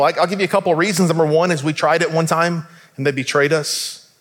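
A man with a high voice preaches to his congregation, talking to them conversationally and putting questions straight to them. His voice rings with the long reverb of a church hall. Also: fairly even intonation, quick pace. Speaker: pastor. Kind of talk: sermon.

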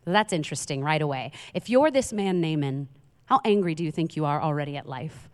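A woman preaching a sermon, telling a Bible story in a conversational, animated way with frequent asides to the congregation. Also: sits low, fairly quick. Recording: long reverb of a large hall.

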